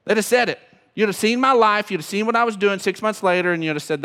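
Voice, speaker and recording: Pastor guy preaching, real high voice, big echoey church, gets loud then goes quiet. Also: fast talker, clear, resonant tone. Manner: emotional, swings from loud to hushed. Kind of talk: sermon. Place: church sanctuary. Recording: long reverb of a church hall.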